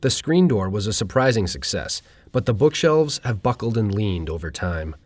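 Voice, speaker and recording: Deadpan man with a low voice, reading. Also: normal speed, no room sound. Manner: dry, deadpan. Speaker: narrator. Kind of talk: reading a personal humorous essay.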